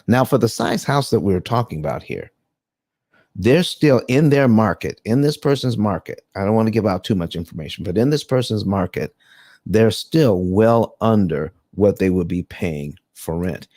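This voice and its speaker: A man with a mellow, fairly low voice hosts a live online room about paying off home loans. He talks loosely, restarts his sentences often and greets his listeners one by one. The sound is dry and close, with no room around it. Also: expressive, moderate pace, no echo. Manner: loose and rambling, many restarts and fillers, calls out listeners by name. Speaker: host of a live audio room on paying off mortgages. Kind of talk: casual live room hosting, explaining finance.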